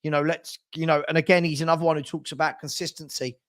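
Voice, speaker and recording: A man's voice: fairly high pitch, level tone, quick pace, a bit bright. A man hosting a casual live football stream, reading out viewer comments in a rambling, chatty way with frequent restarts.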